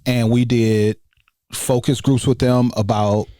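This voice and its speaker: A man, talking in a relaxed, casual way as a guest on a podcast interview. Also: mid-range voice, slow, no echo, studio quality. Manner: relaxed, conversational, many fillers. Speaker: guest, education researcher.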